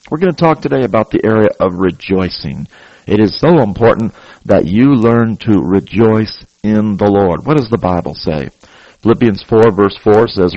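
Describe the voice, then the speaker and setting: Deep-voiced man preaching a sermon. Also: no room sound, highs cut off. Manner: earnest exhortation with repeated "praise God".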